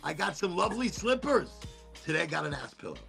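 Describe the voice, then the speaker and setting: A man's voice: a little high, very animated, fast talker, creaky, sharp tone, soft background music. A man hosting a casual chat, rambling and swearing easily as he talks about holidays and family. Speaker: host.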